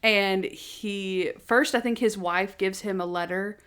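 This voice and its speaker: A woman co-hosting a podcast in casual chat, retelling scenes in an animated, giggly way. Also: mid-range voice, slow pace, clean tone. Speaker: podcast co-host.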